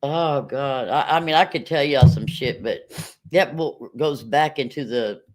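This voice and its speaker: A woman's voice: extremely low pitch, measured pace, a little mellow. A woman, chatting casually on a livestream, rambling and laughing often. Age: 50s. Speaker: livestream host.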